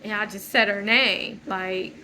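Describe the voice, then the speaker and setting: A woman's voice: mid-range voice, steady tone, a little slow, sharp tone, a little hiss or hum, poor audio. A woman talking through a loose, searching personal monologue, full of fillers and restarts. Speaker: channel host.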